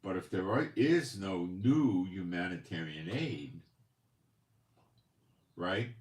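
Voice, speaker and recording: A man's voice: low-pitched, lively intonation, slow pace, a little mellow, roomy sound. A man hosting his own channel, giving casual spoken commentary in a rambling, conversational way with many asides and rhetorical questions. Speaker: channel host. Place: home studio in Israel.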